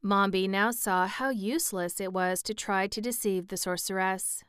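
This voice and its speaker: Woman, audiobook narrator, calm, steady, very clear, close mic. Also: medium pitch, normal speed, no room sound.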